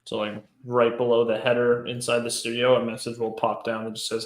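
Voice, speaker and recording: A man's voice: medium pitch, completely flat delivery, a little fast, reverberant, low-quality recording. A man co-hosting a live stream, casually adding details to his partner's answers. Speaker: co-host and company founder.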